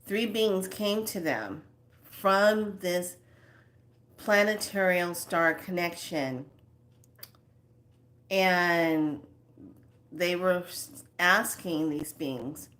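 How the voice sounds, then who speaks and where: A woman talking in a casual, rambling spiritual monologue as host of her own channel, with soft asides now and then. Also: fairly low pitch, very slow, long pauses.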